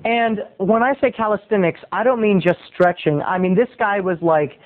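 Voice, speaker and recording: A man, a video blogger, telling a story in a chatty, animated monologue from his bed at home. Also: high-pitched, normal speed. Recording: tinny phone-like sound.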